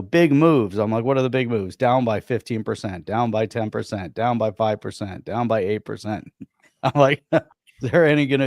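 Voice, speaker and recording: An upbeat man hosts a casual live stream, joking and tossing in quick asides. His voice is mid-pitched and sounds close and dry, with hardly any room around it. His talk is loose and chatty. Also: darkish tone, dry recording. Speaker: host.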